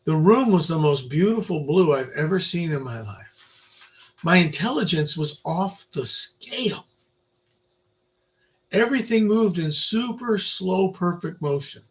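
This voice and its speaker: An older man giving an informal Bible lecture, rambling through personal stories and swinging between loud emphasis and quiet asides. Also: high voice, lively intonation, unhurried, low-quality recording. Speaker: Bible teacher.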